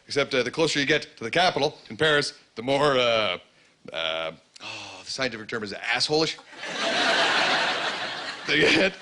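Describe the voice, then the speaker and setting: A man's voice: medium pitch, expressive, normal speed, long pauses. A man doing a stand-up routine on a comedy club stage, rambling and full of fillers, slipping into mock voices for his characters. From Canada. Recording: loud noisy club ambience.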